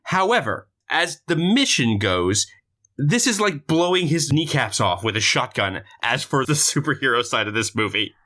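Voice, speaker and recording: A man's voice: medium pitch, big pitch swings, normal speed, sharp tone. A man co-hosting a podcast, recapping a movie in casual chat and acting out lines with funny voices. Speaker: podcast co-host.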